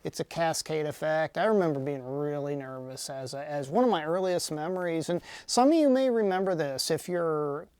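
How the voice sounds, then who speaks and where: A man's voice: fairly high pitch, lively intonation, moderate pace, few pauses, darkish tone, clean tone, dry recording. A man from the Denver area co-hosting a parenting podcast, telling jokey, self-deprecating anecdotes. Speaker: podcast co-host. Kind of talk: casual chat.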